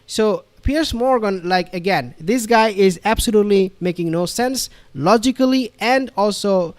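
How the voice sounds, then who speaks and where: A man's voice: high voice, measured pace, no room sound. A man commenting on a played interview clip, emphatic and repetitive, with frequent fillers and restarts. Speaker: online commentator.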